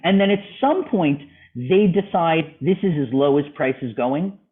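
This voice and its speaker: Animated guy teaching chart reading, slightly high voice, tinny call audio. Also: normal speed. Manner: lively, questioning the student. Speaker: trading club instructor. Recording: phone-like video call audio.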